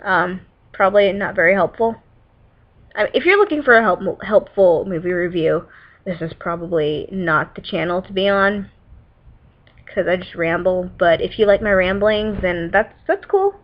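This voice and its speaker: A teenage girl rambling about films she loves, in a casual vlog. She is loose and chatty, full of "like" and "um," and breaks off with little giggles. Her webcam audio sounds dull and lo-fi, at a middle pitch for a young woman. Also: moderate pace. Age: teens. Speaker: vlogger reviewing movies. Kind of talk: casual rambling movie talk.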